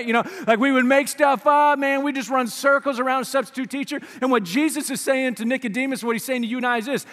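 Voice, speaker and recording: A male pastor with a notably high voice preaches in a relaxed, conversational way, now and then sinking into a hushed near-whisper to drive a point home. His voice rings through a large church hall with a long, trailing reverb. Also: quick pace, hardly any pauses. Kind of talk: sermon. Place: church sanctuary.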